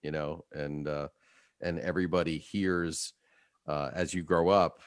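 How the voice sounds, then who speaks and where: Deep-voiced man hosting a radio talk show. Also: a little slow, smooth, no echo, clean studio sound. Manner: relaxed and rambling, many fillers.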